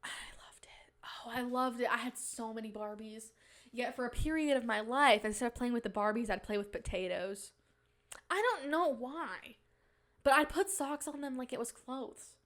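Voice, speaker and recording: A woman's voice: a little high, normal speed, a bit bright. A woman hosting a podcast in casual, rambling chat, giggly, with playful mock-indignant rants. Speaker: podcast host.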